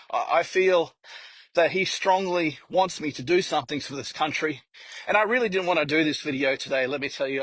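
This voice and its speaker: An Australian man and political candidate talking earnestly in an unscripted video diary, out of breath, with frequent halting restarts. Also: a little high, fairly bright tone, no echo, rough recording. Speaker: Senate candidate.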